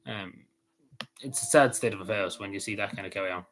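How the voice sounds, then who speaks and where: An Irish man hosting a casual livestream, rambling with many ums and quick apologies. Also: fairly low pitch, a bit bright, poor audio. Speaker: livestream host.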